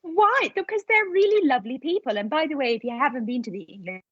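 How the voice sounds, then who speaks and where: A woman co-hosting a local radio show in lively, laughing casual chat. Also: high-pitched, quick pace, dry recording, highs cut off. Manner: lively and laughing, says "darling".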